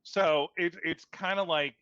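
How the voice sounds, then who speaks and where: A man's voice: a little high, fairly even intonation, measured pace, pushed and bright, clear, resonant tone, no echo, lo-fi sound. A man co-hosting a podcast, casually recapping a movie's plot with lots of fillers and restarts. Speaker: podcast co-host.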